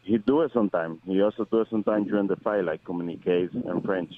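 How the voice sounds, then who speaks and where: Male guest, low voice, phone-line sound. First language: Spanish. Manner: friendly, halting non-native English. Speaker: fighter, guest. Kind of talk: phone interview. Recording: dry, tinny phone line.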